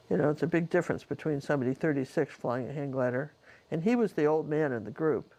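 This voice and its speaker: Gravelly-voiced woman telling a rambling story. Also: a bass voice, a little mellow. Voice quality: rambling, chatty, full of restarts and asides. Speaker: painting teacher and storyteller. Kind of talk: casual personal storytelling.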